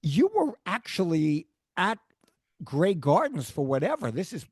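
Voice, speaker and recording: A man hosting a podcast interview, steering his guest toward dates and a clear timeline. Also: on the high side, big pitch swings, unhurried, darkish tone, no room sound, clean studio sound. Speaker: podcast host.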